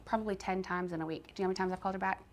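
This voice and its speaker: A woman's voice: medium pitch, steady tone, very fast. A middle-aged woman hosting a live chat, candid and self-deprecating about her own life. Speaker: host. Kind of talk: casual chat.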